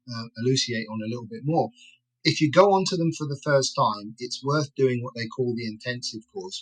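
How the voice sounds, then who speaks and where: A man with a bright, ringing voice walks through an explanation as the guest in an interview. He lectures patiently and keeps checking in with "right?" and "okay?" as he goes. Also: mid-range voice, slightly rough, rough recording. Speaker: guest expert.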